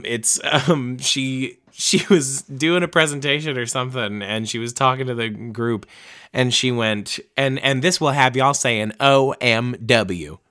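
A man's voice: medium pitch, pushed and bright, clear, resonant tone. A young man hosting a book-reading show, chatting in a loose, rambling, profane and self-mocking way. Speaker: podcast host reading books aloud. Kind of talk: casual rambling chat.

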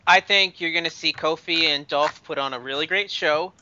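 A man sharing his wrestling predictions in a clear, measured way during a casual podcast chat. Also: a little high, pushed and bright, slight background noise. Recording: dull lo-fi call audio.

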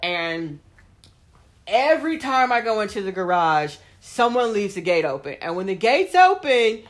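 A woman's voice: mid-range voice, unhurried. Blunt, profane woman telling a story. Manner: blunt, profane, vents with heavy "like" fillers; acts out quoted people in animated voices. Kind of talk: casual storytelling chat.

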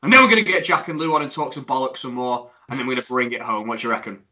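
A man co-hosting a casual podcast, jokey and energetic, teasing his co-host. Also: mid-range voice, rapid-fire, dull audio.

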